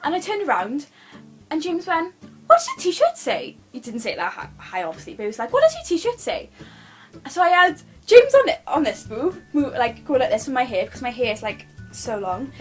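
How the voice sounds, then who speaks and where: A woman's voice: high voice, sing-song, fairly quick, faint music behind. A young British woman telling a personal story to her camera at home, gushing and rambling with lots of restarts. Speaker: vlogger.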